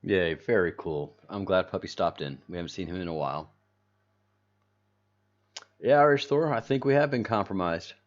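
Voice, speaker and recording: A man's voice: low voice, animated, fairly quick, few pauses, highs cut off. A man hosting a casual livestream, chatting loosely with viewers and reading their comments aloud, often restarting his sentences. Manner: rambling, repeats and restarts, reads chat aloud. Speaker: channel host.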